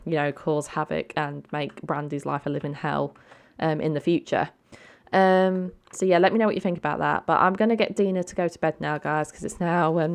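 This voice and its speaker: A woman's voice: sits low, smooth. A woman hosting a let's play, giving casual, chatty game commentary and talking to her viewers. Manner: chatty, many ums and asides to viewers.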